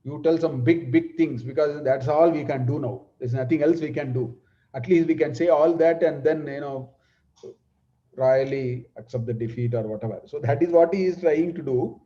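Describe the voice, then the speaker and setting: A man's voice: on the high side, dark tone. Man teaching scripture verses. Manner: unhurried, explains Sanskrit verses word by word with many restarts. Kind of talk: explanatory scripture class. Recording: dull lo-fi recording.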